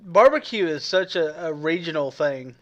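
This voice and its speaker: A man's voice: fairly high pitch, expressive, moderate pace, a bit bright. A man in a casual podcast chat, mostly chiming in briefly and agreeably. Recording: muffled lo-fi audio.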